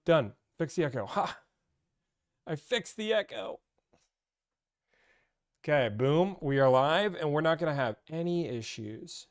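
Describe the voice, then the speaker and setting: Young guy on a livestream, kinda high-pitched, hyped and rambly, goofing around. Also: measured pace, pauses often. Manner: energetic, rambling and playful. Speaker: livestream host and car deal negotiator. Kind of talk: casual livestream chat.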